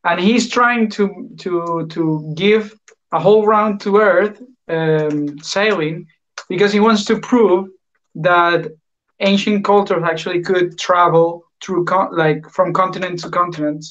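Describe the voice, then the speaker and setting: A man's voice: sits high, unhurried, a bit bright. A man with a Latin American Spanish accent chatting casually on a live stream, rambling with many fillers and restarts. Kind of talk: casual chat. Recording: dull lo-fi stream audio.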